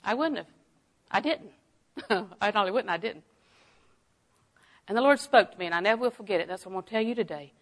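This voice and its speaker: A woman's voice: mid-range voice, a little fast, pauses often. A woman teaching a Bible lesson in sermon style, telling personal stories and driving home her points with emphatic declarations. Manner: emphatic, storytelling, rising to strong declarations.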